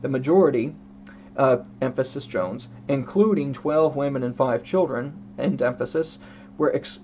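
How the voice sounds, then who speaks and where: A man giving a casual spoken book review in an unhurried, explanatory way, reading quoted passages aloud and marking each quote and emphasis. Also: mid-range voice, vocal fry, a little mellow. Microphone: own camera setup. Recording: dull lo-fi recording with faint hum.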